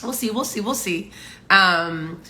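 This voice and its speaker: A woman's voice: medium pitch, unhurried, sharp tone. A woman in her morning voice hosting a casual livestream from home, chatting upbeat with viewers and laughing often. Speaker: livestream host. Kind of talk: casual live chat greeting viewers.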